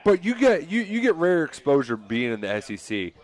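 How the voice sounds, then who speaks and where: A man co-hosting a casual sports radio show, talking in a chatty, excitable way. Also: fairly high pitch, a little fast. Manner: chatty, excitable, laughs easily.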